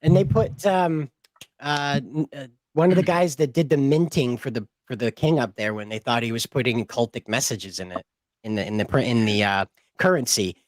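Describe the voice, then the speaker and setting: A man's voice: mid-range voice, moderate pace, no room sound. A man chatting casually as a guest, joking and rambling. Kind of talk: casual chat.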